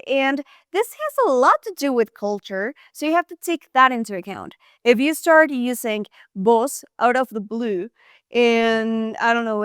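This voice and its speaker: A woman with a slightly high, clean voice explains a Spanish lesson to the camera in a dry, clean studio recording. She's chatty and friendly, often dropping in "like."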